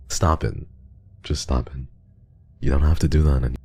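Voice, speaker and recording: A young man streaming and reading donations in a casual chat, soft and affectionate, sometimes teasing his viewers. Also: rumbling low, fairly even intonation, a little fast, pauses often, husky.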